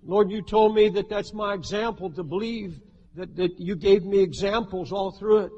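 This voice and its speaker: A man's voice: high-pitched, steady tone, moderate pace, long reverb tail, highs cut off, slight background noise. A pastor preaching an emphatic sermon from the pulpit, firing rhetorical questions at his congregation. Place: church sanctuary with a congregation.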